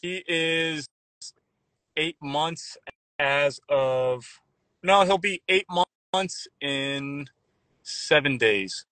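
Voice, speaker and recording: A man chatting casually as a guest, rambling and halting with frequent restarts. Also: on the high side, bright, forceful tone, dry recording. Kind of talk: casual chat. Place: Nashville.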